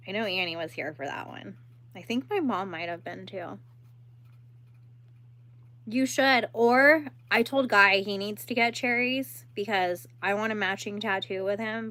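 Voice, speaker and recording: Casting: young woman, giggly livestream host chatting while crocheting, mid pitch. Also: sharp tone. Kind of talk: casual livestream chat.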